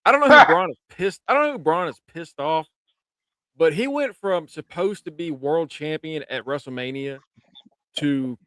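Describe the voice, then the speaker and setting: A man recaps wrestling results on a podcast in an easygoing, sometimes profane way. His voice is smooth and a bit high, recorded dry and close. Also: lively intonation, normal speed, pushed and bright, no room sound. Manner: laid-back, swears casually, frequent ums. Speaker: podcast co-host. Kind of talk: casual wrestling recap chat.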